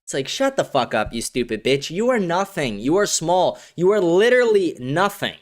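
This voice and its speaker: Profane, animated male livestream ranter. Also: fairly high pitch, moderate pace. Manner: profane, aggressive, animated ranting. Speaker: show host. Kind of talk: livestream political rant.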